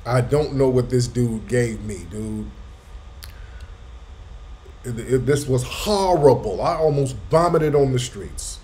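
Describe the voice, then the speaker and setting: A man hosting a casual live talk, telling a story with animated emphasis and street slang. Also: mid-range voice, takes it slowly, long pauses. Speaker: host. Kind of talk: casual livestream chat.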